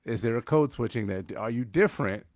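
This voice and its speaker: A man's voice: mid-range voice, expressive, a little fast, a little mellow. A man hosting a casual group podcast, prodding his guests with question after question. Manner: prodding, asks many questions. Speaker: podcast host.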